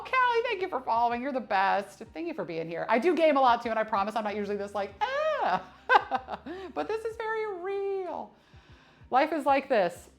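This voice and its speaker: Woman in her 30s streaming from the gym, chatty and open, swears a lot, faint music behind. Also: medium pitch. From United States. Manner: candid, chatty, swears freely, laughs often. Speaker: fitness streamer. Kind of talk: casual live-stream chat. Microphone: streaming camera mic.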